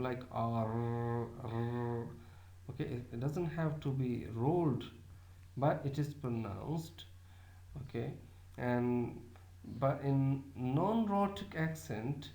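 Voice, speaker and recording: A man's voice: mid-range voice, vocal fry, a little mellow. A man from Pakistan, giving a recorded lecture in a hesitant way, with many filler sounds and words repeated to demonstrate them. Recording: echoey room.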